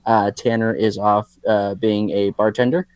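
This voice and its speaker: A man's voice: fairly low pitch, steady tone, unhurried, darkish tone, smooth, dry recording. A man hosting a casual sports podcast, upbeat and jokey as he steers the chat. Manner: upbeat, jokey, leads the conversation. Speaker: podcast host.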